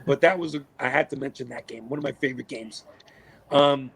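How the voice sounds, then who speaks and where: A middle-aged man, a podcast guest, telling stories in a casual, animated way, cursing freely and acting out what people said. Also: medium pitch, brisk, vocal fry, slightly rough, poor audio. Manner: animated, swears a lot, acts out quotes. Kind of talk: casual storytelling.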